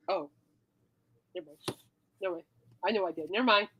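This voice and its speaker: A woman's voice: mid-range voice, fairly quick, fairly bright tone, breathy edge, highs cut off. A woman hosting a podcast in casual chat, playful and teasing, rambling from joke to joke. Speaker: podcast host.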